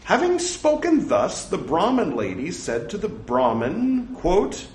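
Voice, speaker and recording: Guy slowly reading old scripture out loud, says "quote" and "end quote", roomy echo, faint hiss. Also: high-pitched, huge pitch swings. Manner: deliberate reading, voicing quote marks and punctuation. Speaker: scripture reciter. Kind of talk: reading translated Buddhist scripture aloud. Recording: echoey room with faint noise.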